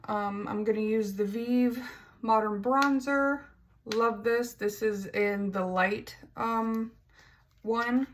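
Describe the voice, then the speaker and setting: A woman talks through her makeup routine in a relaxed, unhurried way, chatty and quick to poke fun at herself when she trips over a word. Her voice sits a little high. A faint hiss runs under the recording. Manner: chatty, self-mocking, stumbles over words. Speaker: beauty vlogger. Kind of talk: casual get-ready-with-me makeup tutorial.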